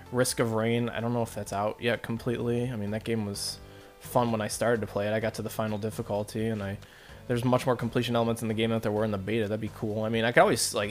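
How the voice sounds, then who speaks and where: A man rambling through casual gameplay commentary, talking to his viewers and joking at his own expense. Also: mid-range voice. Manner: rambling, self-deprecating, talks to viewers. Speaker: let's play commentator.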